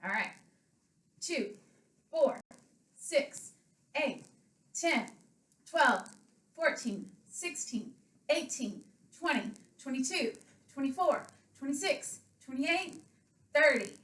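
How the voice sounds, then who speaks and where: High-voiced woman coaching kids, winded. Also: animated, slow pace, long pauses, fairly bright tone. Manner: counts reps aloud, explains simply to children. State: a little out of breath. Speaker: elementary school PE coach. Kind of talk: home workout lesson for kids. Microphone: webcam from across the room. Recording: roomy webcam sound from a distance.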